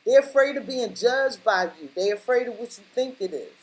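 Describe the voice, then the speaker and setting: A woman's voice: a little high, lively intonation, fairly quick, rough recording. A woman reading tarot cards straight to the viewer in a casual, blunt way, repeating her points for emphasis. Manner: emphatic, repeats lines for stress, blunt slang. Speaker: tarot reader.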